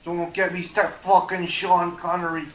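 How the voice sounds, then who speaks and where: A man's voice: high-pitched, flat delivery, normal speed. An Irish man chatting casually on a video call during a film watch party, riffing sarcastic jokes and swearing freely. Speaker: guest. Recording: echoey room with faint noise.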